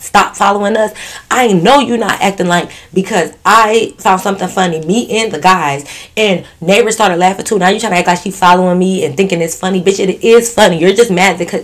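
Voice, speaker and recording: A young woman vlogger telling a casual story in an animated, profane way, keeps breaking into laughter. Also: medium pitch. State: giggly.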